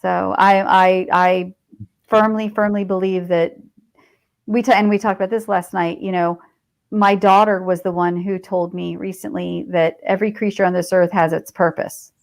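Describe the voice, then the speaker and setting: A woman's voice: lowish voice, little pitch movement, normal speed, vocal fry, poor audio. A middle-aged woman, a veteran and author guesting on a podcast, telling personal stories in a chatty, digressive way. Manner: chatty and digressive, with frequent fillers and laughs. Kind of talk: casual conversational storytelling.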